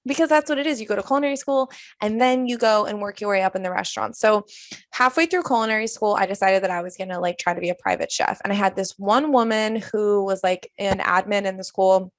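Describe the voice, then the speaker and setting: A woman's voice: mid-range voice, quick pace, no room sound, studio quality. A woman in her twenties, a chef, telling stories casually as a podcast guest, with lots of "like". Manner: chatty storytelling, heavy use of "like". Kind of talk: casual interview chat.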